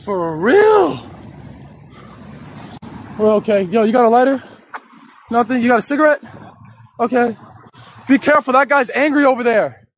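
A man's voice: very high voice, normal speed, long pauses, slight background noise, poor audio. A man live-streaming outdoors on a city street, talking in profane slang and reacting jumpily, into a handheld camera. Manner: profane, slangy, jumpy and excitable.

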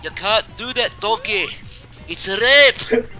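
A man voicing a big male cartoon ogre who scolds and preaches in shouts. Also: high voice, slow pace, soft background music, voice pushed up, exaggerated voice. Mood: scolding.

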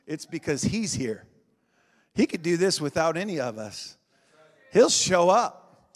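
Man, revival preacher, animated pitch, shouting and hushed by turns, reverberant hall. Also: a little slow. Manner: swings between shouting and quiet intensity, laughs often. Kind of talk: revival sermon. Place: large church sanctuary. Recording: long reverb of a big hall.

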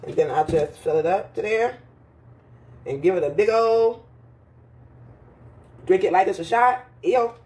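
A woman vlogging casually from her patio and home, chatty and quick to laugh at her own jokes, her voice slightly rough. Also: medium pitch, a little mellow. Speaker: lifestyle vlogger. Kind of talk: casual vlog chat to viewers. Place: home patio then indoors.

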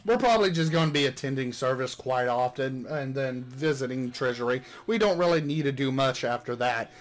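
A man's voice: medium pitch, brisk. A man hosting a casual game playthrough, chatting and reading the game text aloud. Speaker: gaming channel host.

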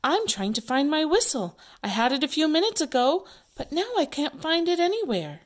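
A woman teacher reading aloud the part of a hurried coach in a children's play. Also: high voice, sing-song, pitched above the performer's own voice. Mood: flustered. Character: busy sports coach hunting a lost whistle.

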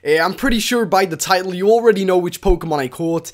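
A woman streaming a game live, chatting to viewers and breaking into excited shrieks and laughs of disbelief. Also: on the low side, quick pace.

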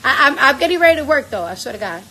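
A woman talks on a casual livestream in a high, sharp, bright voice. She is loud, blunt and freely profane, and switches to soft cooing for her baby. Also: sing-song, racing, poor audio. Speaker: livestream host.

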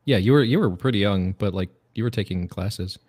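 A man's voice: on the low side, brisk, darkish tone. A man co-hosting a live Q&A, reading out fan questions in a casual, easygoing way. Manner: chatty, easygoing, relays chat questions. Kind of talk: casual live-stream Q&A chat.

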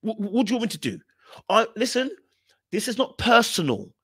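A man's voice: high-pitched, big pitch swings, a little fast, sharp tone, husky, dry recording, clean studio sound. A man with a British accent hosting a podcast, giving emphatic, repetitive commentary on reality TV clips. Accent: British English.

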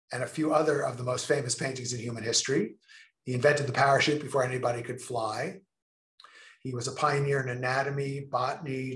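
Emphatic man giving a lively talk. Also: medium pitch, roomy sound. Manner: expressive, emphatic, with drawn-out pauses. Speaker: speaker presenting a creativity session. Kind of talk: lecture-style talk to a remote audience.

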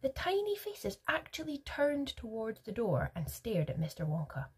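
Husky breathy lady reading a kids' book out loud, lowish voice, really lively. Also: moderate pace. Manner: gentle narration with soft whispered stretches. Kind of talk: storybook read-aloud.

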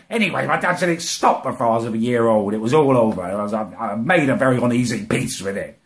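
A man delivering an indignant comic rant, swearing and climbing high in pitch as he gets outraged. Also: lively intonation, fast talker. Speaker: comedy ranter.

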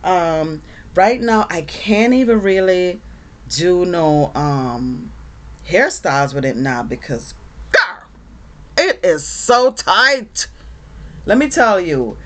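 A woman vlogging casually to camera, chatty and animated, with lots of fillers. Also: fairly low pitch, takes it slowly. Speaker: beauty vlogger.

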